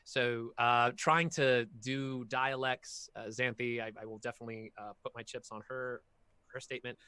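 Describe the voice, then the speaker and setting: A man with a bright, forceful voice chats animatedly as a voice actor guest at an online workshop. He is recorded close and dry, with no room sound. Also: mid-range voice, normal speed, clean tone, no echo. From half Filipino heritage. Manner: animated, talkative storyteller. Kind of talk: casual workshop talk.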